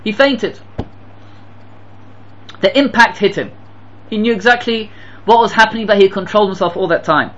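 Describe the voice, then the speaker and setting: A Torah teacher with a medium-pitched voice speaks fast in an impassioned sermon, weaving in stories. He presses rhetorical questions with emphatic repetition, and the audio sounds dull.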